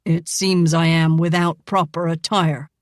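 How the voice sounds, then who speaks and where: Woman doing a dry, curt soldier doctor guy, lowish, slow. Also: flat delivery, no echo. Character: tall cool-headed army doctor man.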